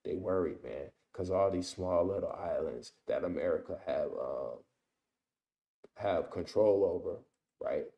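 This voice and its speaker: A man's voice: deep voice, unhurried, creaky, dull audio. A man teaching a casual Bible lesson, reading verses aloud and explaining them, often tagging his sentences with "man" and "right?". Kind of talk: informal scripture study lesson.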